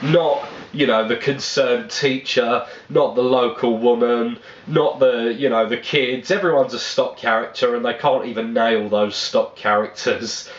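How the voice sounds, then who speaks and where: A man's voice: medium pitch, fairly even intonation, measured pace, hardly any pauses. Man, casual movie review, blunt and rambling, roomy slightly dull recording. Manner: rambling, blunt, swears freely.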